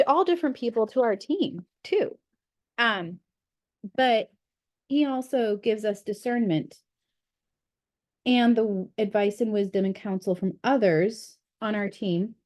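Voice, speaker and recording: A woman's voice: medium pitch, darkish tone. A woman leading a book study group over a video call, talking in a chatty, candid way with frequent fillers. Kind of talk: casual group discussion.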